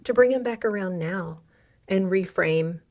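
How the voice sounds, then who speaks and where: A woman's voice: medium pitch, measured pace, a little mellow. A middle-aged woman hosting a podcast interview, affirming and reflective toward her guest. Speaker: podcast host.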